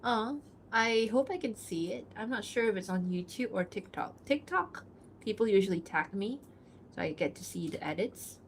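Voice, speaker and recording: Woman streamer, easy chat with viewers, giggles a lot, mid-pitched, faint background hiss. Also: lively intonation, normal speed. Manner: chatty, giggles often, thinks aloud with fillers. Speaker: livestreaming artist. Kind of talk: casual chat reading and answering chat.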